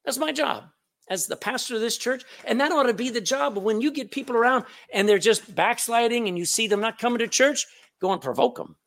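In a church sanctuary, a pastor with a Texan accent preaches with a very high, fairly bright voice, a little fast. He's emphatic and repetitive, calling out to his congregation.

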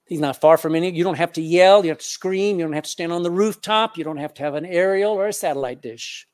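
A man in his sixties, a pastor preaching a sermon and leading a closing prayer, asking the congregation questions and swinging between loud and hushed delivery. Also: fairly high pitch, quick pace.

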